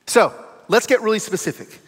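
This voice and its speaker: Male guest preacher, high and expressive, animated storyteller, long church-hall reverb. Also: brisk. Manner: animated, acts out voices in his stories. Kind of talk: sermon storytelling. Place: church auditorium.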